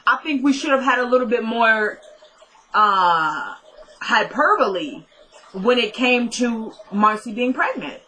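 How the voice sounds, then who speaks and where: Young woman at home, chatty tv recap, bright edgy voice. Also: on the high side, sing-song, a little slow, low-quality recording. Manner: chatty, retells scenes by acting out the characters' lines. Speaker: TV recap vlogger. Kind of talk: casual episode recap.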